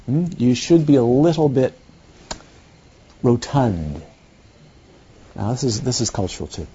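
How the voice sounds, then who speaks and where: A man giving a dharma talk as a meditation teacher, unhurried and playful, often turning questions back to the listeners. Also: medium pitch, big pitch swings, mellow, muffled recording, a little hiss or hum.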